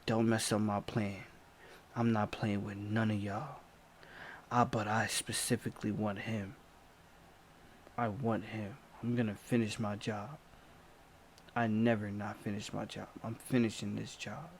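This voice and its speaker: A man voicing an obsessive, intoxicated male attacker in low, hushed, whispering taunts. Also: level tone, a little slow, pauses often, a little hiss or hum. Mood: low menacing.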